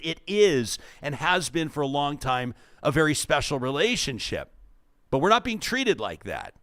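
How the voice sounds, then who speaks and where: A Canadian man hosting a political talk show, speaking emphatically and reading quotes aloud with a lively voice. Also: a little high, normal speed, clean tone, no room sound, studio quality.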